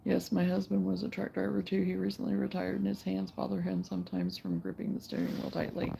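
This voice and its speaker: A woman's voice: medium pitch, animated, a little fast, gravelly, dark tone, slight background noise. A middle-aged woman hosting a casual crochet vlog from her chair at home, chatting to viewers and cooing at her dog in baby talk. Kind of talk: casual chat while crocheting.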